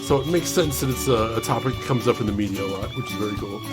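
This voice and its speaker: A man's voice: lowish voice, fast, over music. A man casually commentating a game live stream, chatting with his viewers and laughing often.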